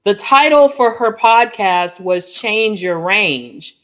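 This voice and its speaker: A woman co-hosting a podcast, telling a lively personal story in casual chat and acting out the dialogue as she goes. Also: medium pitch, slow pace. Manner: animated storyteller, acts out dialogue, frequent "like" and "oh my gosh". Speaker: podcast co-host.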